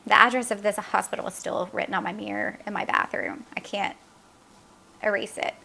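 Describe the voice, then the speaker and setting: A middle-aged woman tells her daughter's story as an interview guest. Her voice is bright and forceful. She talks in an earnest, halting way, with many fillers and re-enacted dialogue. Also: mid-range voice, steady tone, creaky, slight background noise. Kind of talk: emotional personal account in an interview.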